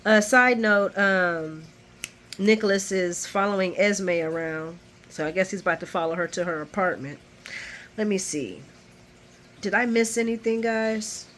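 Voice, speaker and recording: A woman vlogger giving a chatty, animated recap of a soap opera episode. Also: medium pitch, unhurried, slight background noise.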